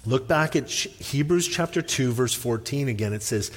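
A man's voice: mid-range voice, animated, normal speed, hardly any pauses, big-room sound. A man preaching a sermon in a conversational, self-deprecating storytelling way, speaking in a church sanctuary. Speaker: pastor.

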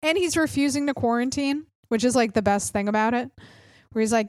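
A woman's voice: on the high side, brisk, no room sound, clean studio sound. A woman in her thirties hosting a political podcast, ranting bluntly and sarcastically with frequent swearing. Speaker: podcast host. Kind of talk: opinionated political podcast rant.

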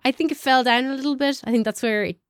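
A woman's voice: sits high, fast talker, clean tone, no room sound. Woman cohost chatting movies, giggly, trips over words, dead dry sound. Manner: laughs often, hesitant restarts. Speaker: podcast co-host. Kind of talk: casual film chat.

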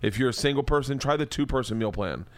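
A man's voice: medium pitch, fast talker, clean tone, dry recording, studio quality. A man in his forties hosting a podcast, doing a loose, profane, joking ad read. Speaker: podcast host. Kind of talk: casual ad read.

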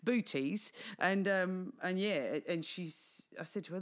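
A woman hosting a podcast, chatting casually with quick asides and easy laughs. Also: on the low side. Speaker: podcast host.

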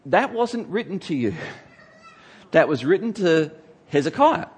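A man with a fairly high voice gives a conversational Bible lesson. He talks in an emphatic way and briefly acts out the people he quotes. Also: sing-song, unhurried, a little mellow, breathy edge. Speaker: Bible teacher. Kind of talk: sermon-style Bible teaching.

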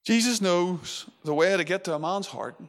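A man's voice: sits high, normal speed. A man preaching a sermon in a conversational way, full of fillers and restarts. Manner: conversational, with many fillers and restarts, acting out quotes.

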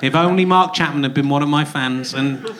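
A man's voice: a little high, a little fast. A man hosting a live comedy podcast on a theatre stage, trading wry, sardonic jokes. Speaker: podcast host. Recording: live theatre with audience noise.

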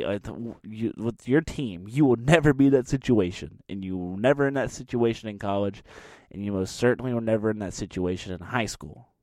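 A man's voice: on the low side, no room sound. Man ranting in a dry room. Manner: animated mocking rant with acted-out quotes. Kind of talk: ranting sports commentary.

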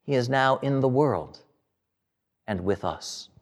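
A man preaching a sermon in a slow, dramatic way, with long pauses and phrases that fall away at the end. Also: mid-range voice, animated. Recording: long hall reverb.

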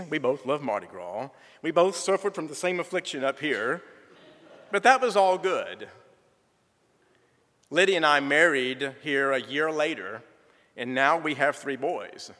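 A middle-aged man, telling a folksy church testimony with gentle humor. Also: medium pitch, lively intonation, normal speed. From southern United States. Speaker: church member giving a testimony. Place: church sanctuary. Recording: reverberant church sanctuary.

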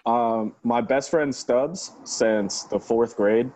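A man's voice: mid-range voice, takes it slowly, darkish tone, no echo. A man from South Carolina, a moped club member, talking as a guest in a laid-back way with crude slang. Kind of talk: casual interview chat.

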